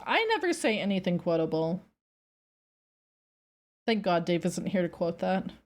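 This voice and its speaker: A woman streamer chatting casually with her viewers, telling a rambling story in an animated way and squealing when she gets excited. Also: fairly low pitch, measured pace.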